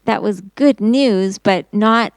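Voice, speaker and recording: A woman teaching Sunday school, telling a Bible story to children in an expressive storytelling voice. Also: mid-range voice, slow, dry recording, poor audio. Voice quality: expressive storyteller, acting out quotes in raised voice.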